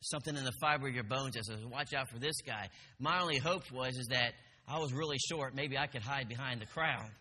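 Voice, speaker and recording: A man's voice: mid-range voice, fast talker, few pauses, sharp tone, big-room sound, a little hiss or hum. A middle-aged man telling a self-deprecating personal story as a church testimony sermon. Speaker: church speaker and military veteran. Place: church hall.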